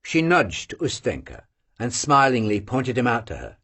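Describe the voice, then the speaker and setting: An audiobook reader narrating a classic novel unabridged, in a slow, measured voice that drops low between lines of dialogue. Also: huge pitch swings, fairly bright tone, breathy edge.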